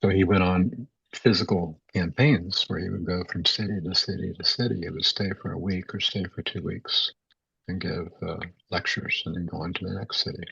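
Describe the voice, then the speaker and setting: A low-voiced man with a gravelly, husky tone gives a spiritual talk, pausing and repeating words as he goes. The recording is dull and lo-fi, with a dry sound. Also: fairly even intonation, a bit bright, no echo. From United States. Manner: halting, many repeated words and fillers. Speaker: spiritual teacher.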